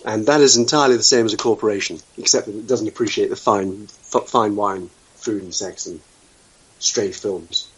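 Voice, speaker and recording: A man's voice: lowish voice, moderate pace, husky, rough recording. A man from the UK hosting an internet radio talk show, wry and blunt, throwing out sweeping opinions with the odd swear word. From United Kingdom.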